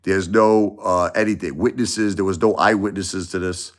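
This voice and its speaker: Male streamer host, low voice, loose rambling delivery with lots of repetition. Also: normal speed. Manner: rambling, repeats himself, animated. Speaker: livestream host. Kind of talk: casual opinion livestream.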